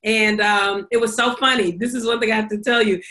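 A woman's voice: fairly high pitch, fairly even intonation, fairly quick, pushed and bright. A woman co-hosting a podcast, telling a story in casual chat, acting out quotes and laughing often. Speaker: podcast co-host.

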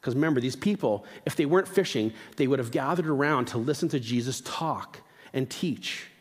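A man preaching a sermon in a relaxed, conversational manner, dropping his voice low and slow to stress key points. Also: big-room sound. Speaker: pastor.

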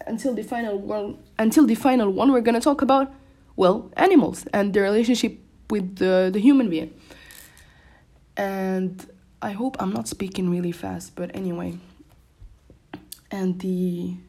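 Speaking from her bedroom, a young French-speaking woman chats loosely on her own solo podcast. Her voice is warm and mid-pitched for a woman, and she keeps restarting sentences and relying on fillers.

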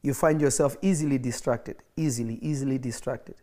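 A man's voice: mid-range voice, a little fast, warm tone. A man preaching an emphatic livestreamed sermon, repeating phrases for effect, with coughs and laughs between points.

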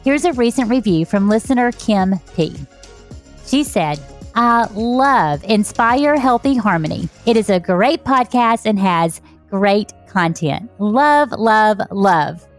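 A woman's voice: medium pitch, animated, slow pace, faint music behind. A woman from Texas, hosting a podcast interview in an enthusiastic, effusive way. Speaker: podcast host.

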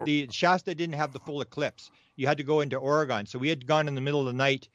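A man from Winnipeg, a guest author telling stories in an excitable, rapid-fire way. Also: a little high, no room sound. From Winnipeg, Canada. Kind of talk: animated storytelling interview.

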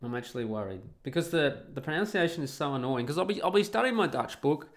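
A man's voice: on the high side, expressive, fast. A man from Australia talking casually on camera in a rambling, profane, exasperated way, restarting and repeating his phrases. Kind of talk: casual monologue.

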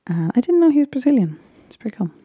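A young Irish woman chatting casually as she recaps a baking show, rambling and often slipping into soft whispers. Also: on the high side, big pitch swings, quick pace, husky, dry recording, dull audio. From Ireland.

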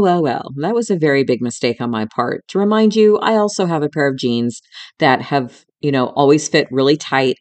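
A middle-aged woman with a low-pitched voice hosts a podcast, telling a personal story candidly and emotionally. She swears a bit and talks straight to the listener as if to a friend.

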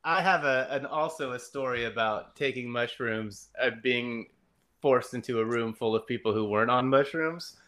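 A man's voice: mid-range voice, normal speed, fairly bright tone. A man, a guest on a podcast, telling stories in loose, profane casual chat. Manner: loose storytelling, swearing.

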